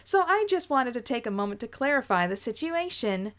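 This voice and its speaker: A woman's voice: fairly high pitch, big pitch swings, brisk, fairly bright tone. A woman voicing a brash, arrogant alien teen girl villain, reading a webcomic aloud with cocky, theatrical taunts. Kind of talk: read-acting a webcomic.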